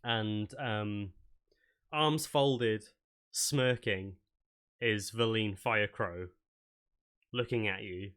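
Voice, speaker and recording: A man's voice: fairly low pitch, very slow, long pauses, a bit bright, smooth. A man narrating a tabletop game as game master in a loose, casual way with many fillers.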